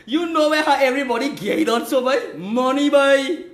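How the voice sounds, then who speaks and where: A man's voice: extremely high pitch, normal speed, fairly bright tone, echoey room. A man, hosting a live call-in stream, talking in an agitated, repetitive way. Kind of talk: casual live call-in chat.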